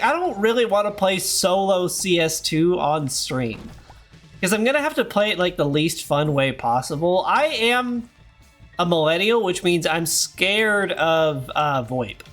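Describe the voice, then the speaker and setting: Male streamer in his thirties, hoarse, rambly and self-deprecating, slightly high voice. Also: lively intonation, unhurried, fairly bright tone, faint music behind. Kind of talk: casual gameplay chat.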